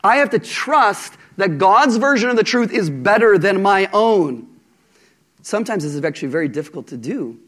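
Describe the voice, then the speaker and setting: A man with a notably high speaking voice delivers a sermon to a live congregation. He talks in a casual, animated way and often slips in humor and asides. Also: moderate pace. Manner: animated, conversational preaching with humor. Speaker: preacher.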